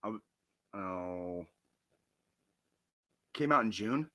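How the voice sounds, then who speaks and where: Loud swearing podcast host, bright edge. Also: male voice, lowish voice, lively intonation, drawn-out words. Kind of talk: profane casual chat.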